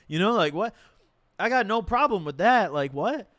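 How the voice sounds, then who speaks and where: A man's voice: high voice, lively intonation, normal speed, fairly bright tone, no room sound, clean studio sound. A man streaming live, casually rambling and slangy as he reads a legal document aloud and reacts to it. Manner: rambling, repeats himself, slangy.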